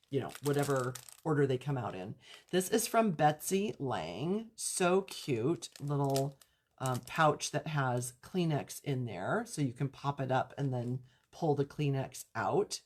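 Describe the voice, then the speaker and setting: A woman's voice: low-pitched, a little mellow, slight background noise. A woman hosting a casual live crafting chat, gushing and chatty as she shows off gifts she was given. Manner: gushing, chatty, lots of "so cute" and "I love this". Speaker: crafting channel host.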